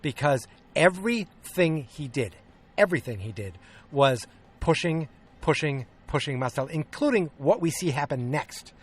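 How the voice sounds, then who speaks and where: A man's voice: a little high, expressive, normal speed, slightly rough. A man hosting a podcast, casually recapping a film in a rambling, hesitant way, full of ums and restarts, and acting out the quoted lines. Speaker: podcast host.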